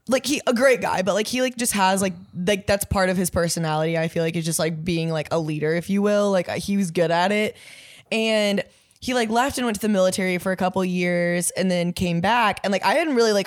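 A young woman from Indiana chats casually as a podcast co-host. She rambles, swears freely and leans on "like" between her thoughts, in a mid-pitched voice. The sound is dry and close. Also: dry recording. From Indiana, USA. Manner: rambling, profane, full of "like" fillers. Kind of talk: casual chat.

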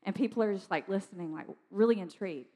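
A woman telling a lively testimony story in a chatty way, with lots of fillers and laughter. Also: mid-range voice, quick pace, long reverb tail. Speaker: ministry speaker sharing testimony.

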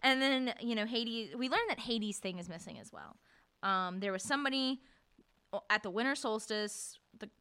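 Young woman, podcast co-host, casual book chat, bright voice, lively pitch. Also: clean tone. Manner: laughing, acts out lines in quick voices.

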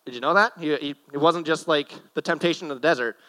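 A young man preaching on a church stage in a loose, conversational way, his voice sitting a little high for a man. He cracks jokes at his own expense and slips in nervous asides between points. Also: quick pace, a bit bright, low-quality recording. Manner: joking, self-deprecating, nervous asides. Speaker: guest preacher. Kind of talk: casual sermon.

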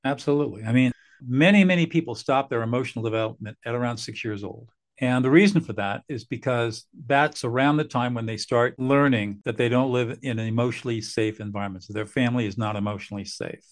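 A man's voice: medium pitch, quick pace. An older man, a mediator guest on a podcast, explaining earnestly and acting out what parents and bosses say. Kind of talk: podcast interview.

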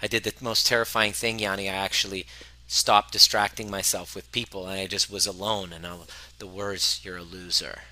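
A man's voice: fairly low pitch, little pitch movement, moderate pace, sharp tone, low-quality recording. A man coaching a live audience, earnest and self-reflective, sometimes acting out the voices in his head.

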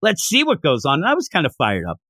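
Chatty, excitable young man recapping comics. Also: a little high, quick pace, breathy edge, no room sound, clean studio sound. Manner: chatty, excitable, laughs often. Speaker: comic book reviewer. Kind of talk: casual recap commentary.

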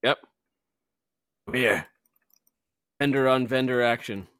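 A man chats casually while streaming an online game, joking around and explaining how it works. His mid-range voice is slow and fairly bright, with slight background noise.

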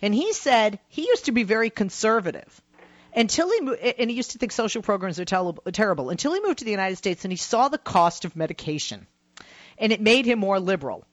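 A woman's voice: medium pitch, dry recording, highs cut off. A woman hosting a call-in radio show in casual chat, telling stories with lots of fillers. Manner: chatty storyteller, many fillers. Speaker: radio talk show host. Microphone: studio microphone.

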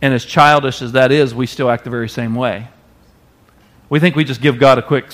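Expressive male preacher. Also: medium pitch, a little fast. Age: adult parent. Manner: expressive preacher, acts out quoted voices loudly. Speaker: pastor. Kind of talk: sermon.

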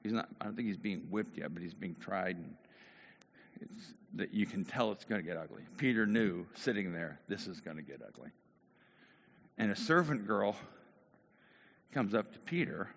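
Telling a story during his sermon, this male pastor acts out the voices of the people in it. He speaks low and animated at normal speed, with long pauses, and the recording carries long hall reverb.

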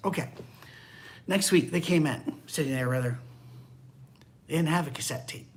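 An older man preaching a conversational sermon, candid and wry, dropping into hushed asides. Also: fairly high pitch, moderate pace. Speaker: pastor.

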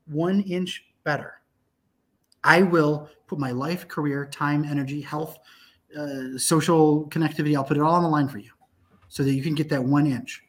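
A man, a filmmaker guest on a talk show, telling stories in a profane, emphatic way with lots of restarts. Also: a little high. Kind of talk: animated casual podcast conversation.

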